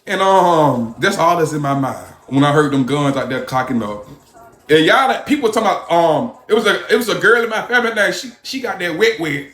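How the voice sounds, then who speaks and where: A man livestreaming, telling a story in an animated, profane way and thanking viewers for their gifts. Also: fairly high pitch, fairly quick. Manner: animated, profane storytelling, shouting when worked up. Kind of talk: live-stream storytelling. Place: a hot room. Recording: roomy echo.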